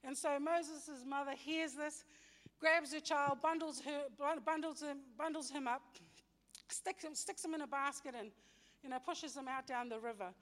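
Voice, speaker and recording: A woman's voice: high-pitched, fairly even intonation, normal speed, fairly bright tone. A woman teaching a Bible story in informal sermon style, chatty, with everyday slang and frequent self-corrections. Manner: chatty, many fillers and restarts, retells scripture in everyday slang. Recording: long hall reverb.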